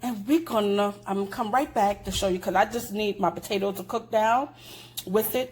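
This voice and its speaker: A woman's voice: mid-range voice, normal speed, a little mellow, slight background noise, poor audio. An older woman hosting a casual cooking show in her home kitchen, chatty and homey, sending blessings to her viewers.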